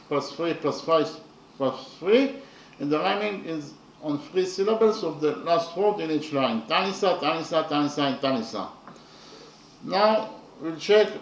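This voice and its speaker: Guy explaining a poem, high voice, lots of uh's, echoey room. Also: a little hiss or hum. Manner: hesitant, many pauses and fillers. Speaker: poetry teacher. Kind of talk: slow explanatory lecture.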